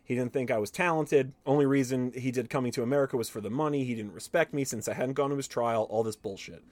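A podcast host reads an interview aloud, full of swearing and quoted back-and-forth. His voice sits at an ordinary middle pitch, recorded dry and close with no room around it. He stops now and then to add his own remarks. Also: no echo. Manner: animated, profane storytelling, switching between reading and commenting.

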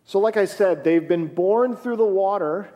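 A man's voice: high voice, moderate pace, warm tone. A man preaching a sermon in a conversational way, reading scripture aloud as he goes. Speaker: pastor.

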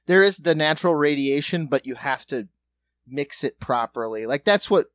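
Male podcast co-host, slightly high voice, crude jokes, dry sound. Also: lively intonation, normal speed, no room sound. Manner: profane, joking, bursts into loud acted-out quotes. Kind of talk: casual chat.

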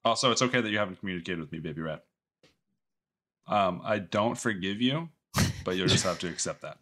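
A young man in casual chat with friends, teasing, sarcastic and quick to swear. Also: sits low, fairly bright tone.

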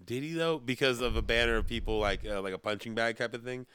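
A man's voice: mid-range voice, fast talker, pushed and bright, clear, resonant tone, no room sound. A man co-hosting a podcast, teasing his co-host with crude, jokey banter. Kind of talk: casual chat.

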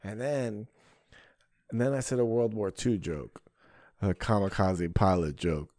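Profane storytelling comedian, dry sound. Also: male voice, lowish voice, a little slow, dry recording. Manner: profane, animated storytelling with frequent "bro" and "right?". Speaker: podcast host and stand-up comedian. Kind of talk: casual chat, storytelling.

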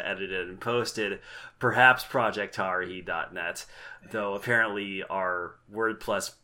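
A man's voice: on the low side, sharp tone. A man hosting a podcast in casual chat, rambling and self-deprecating with restarts. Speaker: podcast host.

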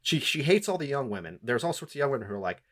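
A man's voice: mid-range voice, very animated, rapid-fire, fairly bright tone. A man co-hosting a podcast, recapping a novel in a sarcastic, rambling, profane way. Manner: sarcastic, rambling, with many fillers. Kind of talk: casual, profane book-recap chat.

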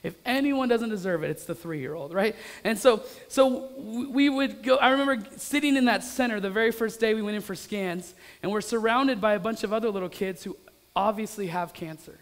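A man's voice: high voice, brisk, long reverb tail. A man in his thirties preaching a sermon to a church audience, candid and conversational, building to emphatic repetitions. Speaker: pastor. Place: church hall.

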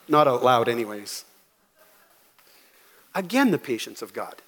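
A man's voice: medium pitch, lively intonation, unhurried, pauses often, fairly bright tone. Man preaching in a reverberant church. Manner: conversational preaching with asides and scripture reading. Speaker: pastor. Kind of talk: sermon. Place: church sanctuary.

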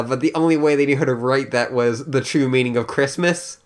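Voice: mid-range voice, brisk. A co-host on a casual podcast, chiming in with dry, joking asides.

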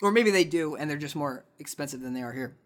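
A man's voice: fairly high pitch, animated, fast talker, a bit bright. A man hosting a podcast, answering listener questions in a sarcastic, ranting casual chat. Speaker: podcast host.

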